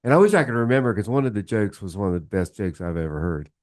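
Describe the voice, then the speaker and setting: Rambling male radio guest, low voice. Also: lively intonation, fast talker, no room sound, studio quality. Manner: rambling storyteller who acts out the voices in jokes. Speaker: radio guest, beer reviewer. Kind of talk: casual radio chat. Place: radio studio. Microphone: studio mic.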